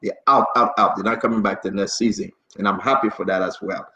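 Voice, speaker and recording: A man's voice: lowish voice, steady tone, quick pace, sharp tone, reverberant, muffled recording. A man hosting a live talk show, wrapping up with loose, chatty closing remarks. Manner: loose, chatty, talks over interruptions. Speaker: show host.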